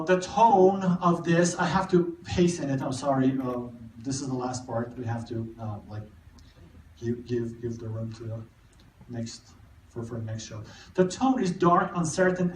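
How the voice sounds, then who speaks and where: A man giving a live literature lecture, talking haltingly with many repeated words and restarts. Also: a little high, a little hiss or hum. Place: cinema hall. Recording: echoey room, mic far off.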